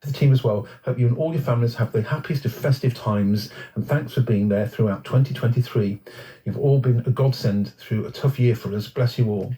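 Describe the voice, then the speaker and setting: A male radio co-host bantering with his partner, jokey and quick. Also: medium pitch, dark tone, low-quality recording. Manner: jokey and quick, playfully scolding.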